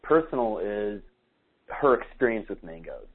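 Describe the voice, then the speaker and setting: A dating coach gives advice in a podcast conversation, talking casually with many "likes" and acting out sample dialogues. His fairly low, slightly rough voice is very animated at a normal speed, with phone-quality sound.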